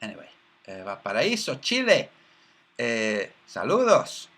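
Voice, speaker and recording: A man's voice: medium pitch, wildly swooping pitch, unhurried, a bit bright. A man hosting a casual livestream, reading chat messages aloud in a rambling, mocking way with many filler sounds.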